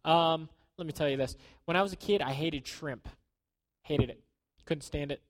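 A man preaching a sermon in a conversational way, acting out quotes and dropping to a hushed tone at times. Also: a little high, normal speed, no room sound. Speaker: pastor.

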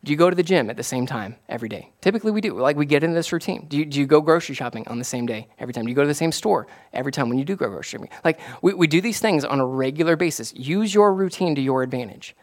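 A man, a pastor, preaching a casual, conversational sermon that rises to excited emphasis. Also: on the high side, rapid-fire, few pauses. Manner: animated, rising to excited emphasis.

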